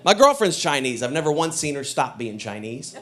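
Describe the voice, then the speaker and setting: Guy doing stand-up, punchy and animated, voice bounces all over, a bit high. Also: a little fast, a faint crowd. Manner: punchy, animated delivery with frequent character voices. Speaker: stand-up comedian. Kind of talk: stand-up comedy set. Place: comedy stage before a laughing audience.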